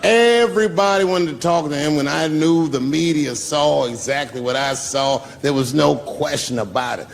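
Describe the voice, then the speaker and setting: A man telling a profane, animated stand-up story and acting out the people in it. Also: on the high side, normal speed, vocal fry, hardly any pauses, big-room sound. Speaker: stand-up comedian.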